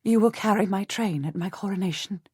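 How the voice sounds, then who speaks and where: A woman reading an audiobook voices a frail, weary young queen who speaks quietly with a catch in her breath. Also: mid-range voice, brisk, slightly rough, no echo, studio quality, natural voice. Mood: gentle weary.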